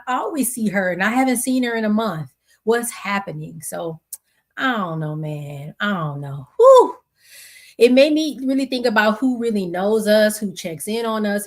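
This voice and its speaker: A woman in her forties hosting a podcast, telling a personal story in a reflective, conversational way, acting out quotes and restarting her sentences. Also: medium pitch. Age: 40s. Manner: conversational, searching, with many restarts and acted-out quotes. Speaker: podcast host.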